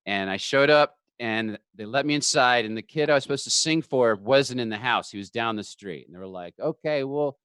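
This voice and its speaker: Guy cohosting, bright voice, dry close mic, animated storyteller doing little voices. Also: medium pitch, brisk, few pauses, smooth, no room sound. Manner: animated storyteller acting out quotes. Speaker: co-host. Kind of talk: casual chat, comic storytelling.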